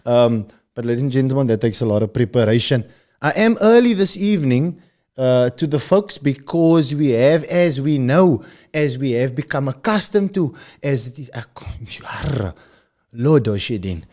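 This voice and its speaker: Cape Town South African man, thirties, podcast host; mellow tone, chatty and rambling. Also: mid-range voice, very animated, moderate pace. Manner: rambling, upbeat, addresses the audience directly. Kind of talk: casual chat.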